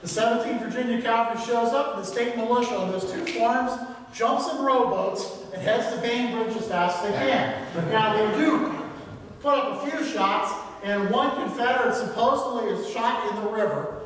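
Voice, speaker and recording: A man's voice: extremely high pitch, moderate pace, a little hiss or hum. A man giving a local history talk, telling the story conversationally with filler words, recorded from a distance in a hall. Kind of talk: public history lecture. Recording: echoey hall from far off, faint ambience.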